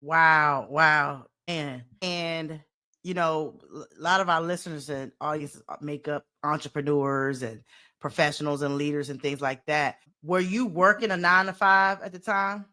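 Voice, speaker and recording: A woman's voice: deep voice, normal speed, sharp tone. A woman hosting a coaching podcast, interviewing her guest in an enthusiastic, affirming way.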